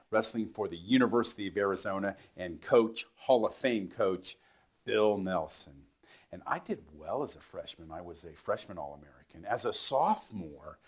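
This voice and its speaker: A middle-aged man, an instructor, telling a motivational personal story in a lively way, acting out the voices of others and dropping to a near whisper. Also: sits low, breathy edge.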